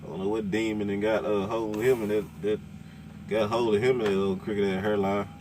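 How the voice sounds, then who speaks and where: A man's voice: fairly low pitch, level tone, a little fast, noisy background. Profane trucker venting in his cab. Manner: loud, cursing, repetitive, laughing. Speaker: truck driver vlogger. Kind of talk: profane casual rant.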